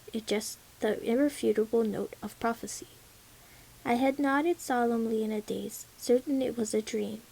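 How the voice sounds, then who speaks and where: A woman reading a legend aloud as a first-person storybook narration, measured and solemn. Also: on the high side, gravelly, dark tone, low-quality recording.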